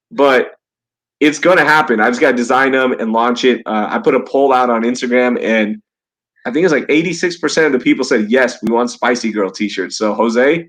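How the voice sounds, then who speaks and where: Jokey podcast host on a headset. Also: male voice, mid-range voice. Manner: upbeat, jokey, quick to laugh. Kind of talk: casual live podcast chat. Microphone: cheap gaming headset.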